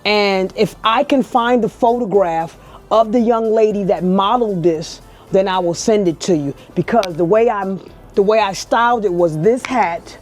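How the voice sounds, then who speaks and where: A woman from New York, speaking with a blend of Brooklyn and Southern accents, casually shows off her fashion pieces on camera in her home kitchen. Her mid-range, darkish voice moves at a moderate pace, picked up by a distant mic with faint music in the background.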